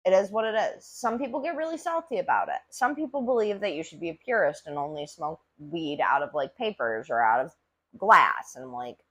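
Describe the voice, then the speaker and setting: A woman's voice: fairly low pitch, big pitch swings, brisk, a bit bright, breathy edge. A woman hosting a casual solo podcast, rambling and chatty with lots of filler words and casual swearing. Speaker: podcast host reviewing cannabis.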